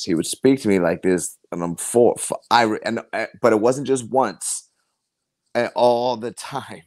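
A man as a podcast guest, telling personal stories in an earnest, halting way with many restarts. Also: fairly low pitch, darkish tone, no room sound. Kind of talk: personal storytelling in conversation.

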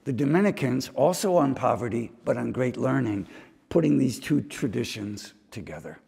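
A man's voice: medium pitch, animated, normal speed, vocal fry, dark tone, slightly rough, in a large hall. A man preaching a homily, telling stories and slipping into mimicked voices now and then. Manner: storytelling preaching with mimicked asides. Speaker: priest. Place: chapel.

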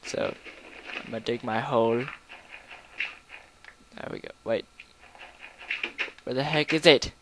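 A man's voice: medium pitch, slow pace, pauses often, background noise. Goofy rambling young man gaming. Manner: rambling, goofy, sudden loud outbursts. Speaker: gameplay commentator. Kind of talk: casual gaming commentary.

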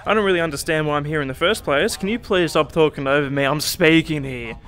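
A man's voice: on the high side, fast, a bit bright, clean tone. A young man streaming a game, joking and swearing as he yelps at frights, with a slightly cracky voice. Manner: jokey, swears and yelps when startled. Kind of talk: excitable gameplay commentary.

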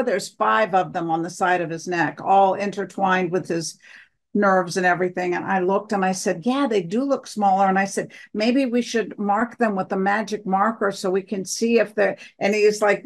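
A woman tells her story as an interview guest. She speaks at a middle pitch and brings it to life by acting out the dialogue of each person she quotes. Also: steady tone, moderate pace. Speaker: guest, wife of the other guest.

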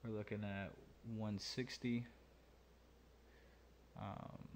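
Low, flat-voiced man explaining a mix. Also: extremely slow, a little hiss or hum. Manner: laid-back, thinking aloud with many ums and uhs. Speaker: mixing engineer and channel host. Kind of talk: casual screen-recorded mixing tutorial.

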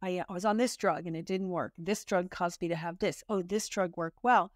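A woman's voice: fairly low pitch, steady tone, moderate pace, no echo, studio quality. A woman hosting a podcast interview, upbeat and affirming toward her guest. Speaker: podcast host.

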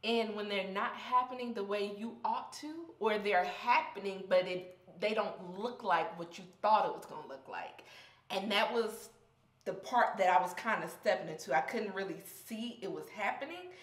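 A woman's voice: mid-range voice, moderate pace, a bit bright, roomy sound. A young woman vlogging candidly about her faith, heartfelt and close to tears, in a casual, slangy way. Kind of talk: personal faith vlog.

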